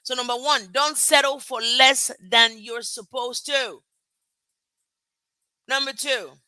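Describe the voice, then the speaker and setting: A woman's voice: sits high, steady tone, takes it slowly, pushed and bright, no echo, low-quality recording. A middle-aged Nigerian woman hosting a live motivational talk, emphatic and repetitive, laughing at herself. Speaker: motivational host.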